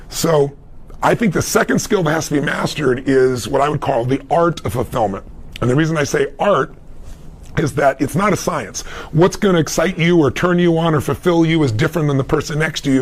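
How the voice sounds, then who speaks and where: A middle-aged man, a motivational speaker, answering a question in an emphatic storytelling manner, swinging between loud and soft. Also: fairly high pitch. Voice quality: gravelly, husky. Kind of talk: conversational interview answer.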